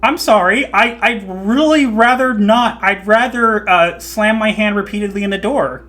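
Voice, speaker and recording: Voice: mid-range voice, normal speed, a bit bright, faint music behind. A podcast host chatting casually, opinionated and laughing often. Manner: opinionated, laughs often, jokey put-on voices. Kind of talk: casual chat.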